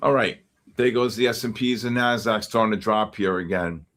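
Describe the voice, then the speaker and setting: A man's voice: fairly low pitch, normal speed, fairly bright tone. A man hosting a live futures trading stream, chatting casually and coaching viewers by name as the markets move. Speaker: futures trading livestream host.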